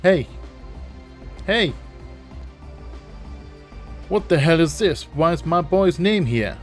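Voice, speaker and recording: A man voicing a hot-headed male police officer, shouting his demands. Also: a little high, lively intonation, extremely slow, soft background music, pitched above the performer's own voice, full character voice. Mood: furious. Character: hot-headed male cop, furious and protective.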